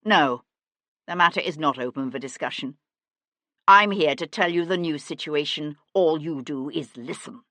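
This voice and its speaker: A woman's voice: deep voice, normal speed, pushed and bright, no echo. A woman voicing a cold, stern young nobleman who speaks in a clipped, threatening way. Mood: menacing.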